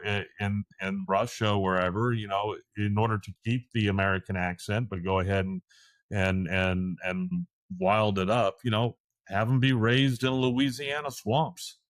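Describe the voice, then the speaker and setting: A man co-hosting a casual podcast chat, talking fast with halting restarts. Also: fairly low pitch, steady tone, no echo. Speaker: podcast co-host.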